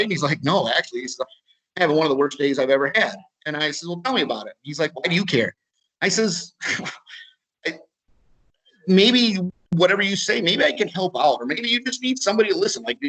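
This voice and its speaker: A man with a slightly high voice and an Upper Midwest American accent tells a story for a webinar. His talk is casual and full of restarts. He acts out both sides of each conversation. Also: expressive, brisk, pushed and bright, rough recording. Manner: casual, repeats words, acts out dialogue. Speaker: webinar speaker. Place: video webinar.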